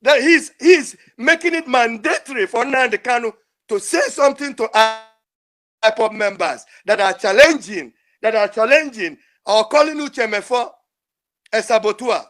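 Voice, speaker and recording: Older man, very high voice, pleading, emotional call-in. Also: expressive, normal speed, a bit bright. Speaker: caller. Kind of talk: impassioned call-in speech.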